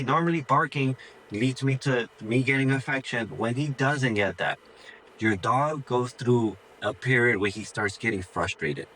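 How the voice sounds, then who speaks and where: A man's voice: fairly low pitch, sharp tone, slight background noise, rough recording. A man, a dog trainer, giving casual tips straight to the viewer, loose and chatty, often voicing what a dog would think. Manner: informal, says "dude" and "like" a lot, acts out the dog's thoughts. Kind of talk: casual instructional talk to camera.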